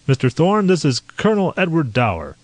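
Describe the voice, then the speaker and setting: A man voicing a bluff, excitable male navy captain who talks in a hearty, quick, exclamatory way. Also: fairly high pitch, no room sound, pitched above the performer's own voice.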